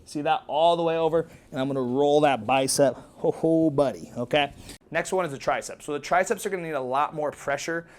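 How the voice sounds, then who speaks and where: A man's voice: fairly high pitch, quick pace, hardly any pauses. Upbeat chatty male fitness coach. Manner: upbeat, chatty, jokey, says okay often. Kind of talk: casual instructional demo.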